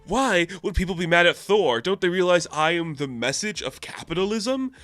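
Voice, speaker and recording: A man's voice: high voice, expressive, normal speed, fairly bright tone, no room sound, voice pushed up. A man voicing a cocky, dim young male god who shows off like a smug bro, in a dry close recording. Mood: whiny.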